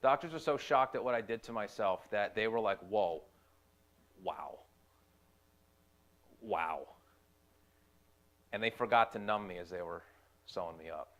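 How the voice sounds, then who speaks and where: A young man, a youth ministry volunteer, giving a personal testimony in an earnest, halting way, often repeating his phrases. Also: lowish voice, a bit bright.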